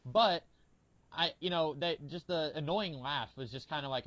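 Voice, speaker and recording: A man chatting casually on a podcast, voice pitched slightly high, rambling with many fillers. The audio is dull and lo-fi, and the sound is very dry with no room. He gets animated when he retells scenes. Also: moderate pace, no echo. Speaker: podcast co-host. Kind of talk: casual chat.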